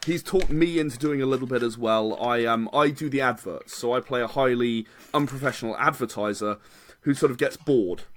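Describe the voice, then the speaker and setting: A man's voice: mid-range voice, fairly quick, fairly bright tone. A man, a game designer chatting as a podcast guest, rambling and qualifying himself with frequent laughs. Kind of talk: casual podcast interview.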